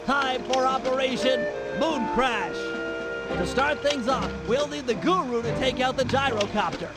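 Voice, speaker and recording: A man's voice: very high voice, a little slow. A man voicing a brainy male turtle who lays out a plan in a methodical, explanatory way. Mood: briefing. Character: brainy male turtle planner, nerdy and precise. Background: game music.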